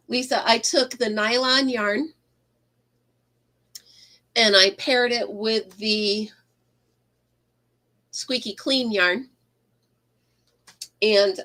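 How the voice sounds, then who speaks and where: A slow-talking woman with a twang chats while she crochets live from her craft room at home. She rambles, laughs easily and stops to greet viewers by name, her voice sitting at an ordinary middle pitch. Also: fairly bright tone. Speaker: crochet livestream host. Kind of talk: casual livestream chat while crocheting.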